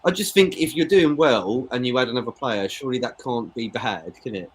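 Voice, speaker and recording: A man's voice: mid-range voice, a little fast, a little hiss or hum. A man co-hosting a football watchalong, chatting casually and opinionated, calling his co-host "mate". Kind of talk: casual live match chat.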